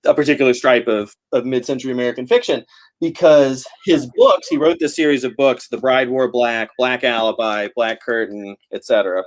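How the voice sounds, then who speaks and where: A man's voice: medium pitch, fairly quick. Rambling man on a video call. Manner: rambling, laughs often, many fillers. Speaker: novelist guest. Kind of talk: casual video-call chat.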